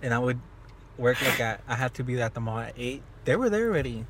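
A man's voice: medium pitch, animated, fast, a bit bright, slight background noise. A young man chatting casually as a podcast co-host, telling work stories with a lot of laughter and some swearing. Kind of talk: casual chat.

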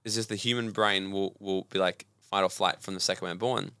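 A man, a personal development coach telling animated stories as a podcast guest. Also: low voice, a little fast, vocal fry, clean tone, no room sound. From Australia. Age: 20s. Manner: energetic, animated storytelling with acted-out voices. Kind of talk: casual podcast interview.

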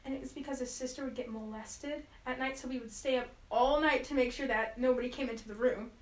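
A woman's voice: sits high, fairly even intonation, fast talker. A woman chatting casually with a friend, telling stories with lots of "like" and frequent giggles. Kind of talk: casual chat between friends. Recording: roomy echo.

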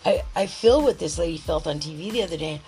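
A woman's voice: on the low side, animated, quick pace, mellow, faint music behind, low-quality recording. A woman podcast host in a rambling, heated monologue, swearing constantly and restarting her thoughts.

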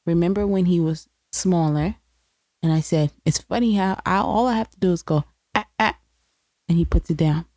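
Animated storytelling mom, lowish voice. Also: female voice, normal speed, dry recording, studio quality. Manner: animated storyteller, competitive teasing. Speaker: podcast co-host, mother. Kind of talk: casual chat.

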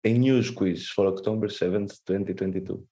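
A man with a Greek accent, co-hosting a podcast, reading news aloud in a halting way and stopping to joke. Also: low-pitched, fairly even intonation, dark tone, breathy edge. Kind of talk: casual chat.

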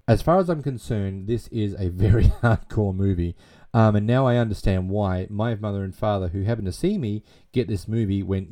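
Low, mellow-voiced man recapping a movie. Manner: rambling, with many fillers and restarts. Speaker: movie reviewer. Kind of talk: casual movie recap and review.

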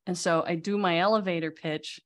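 A woman, a magazine CEO telling lively anecdotes as a podcast guest. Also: lowish voice, a little fast. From Netherlands. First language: Dutch. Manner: animated storyteller, lively anecdotes. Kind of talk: casual interview chat.

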